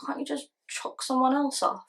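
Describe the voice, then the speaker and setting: A woman's voice: high-pitched, steady tone, normal speed, vocal fry, a bit bright. A woman with a British accent playing a defiant teenage schoolgirl who pleads and rants in a cheeky, sulky way. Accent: British English. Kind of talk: scene acting.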